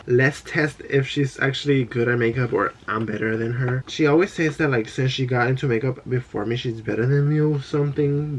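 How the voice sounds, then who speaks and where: A chatty young man rambles brightly to his camera, hopping from one tangent to the next. His voice sits in an ordinary middle pitch. A faint hum of room noise sits under the recording. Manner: chatty, bubbly, jumps between tangents. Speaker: beauty vlogger. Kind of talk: casual vlog chat.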